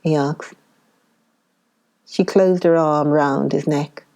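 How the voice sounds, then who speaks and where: Mellow-voiced woman reading a novel. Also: deep voice, steady tone, slow, pauses often. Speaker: audiobook narrator. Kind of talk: reading a classic novel aloud.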